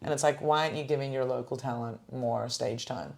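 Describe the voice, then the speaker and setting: A young woman hosting a podcast, chatting casually about comedy shows with lots of fillers and restarts, in a smooth phone-style voice. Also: a bass voice, steady tone, fairly quick, a little mellow. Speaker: podcast host and comedy showcase producer. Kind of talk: casual chat.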